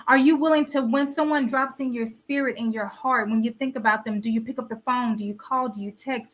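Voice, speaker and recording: A woman's voice: fairly high pitch, a bit bright. A woman hosting a wellness talk show, speaking in a preachy way with many rhetorical questions and repeated phrases. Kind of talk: motivational live talk.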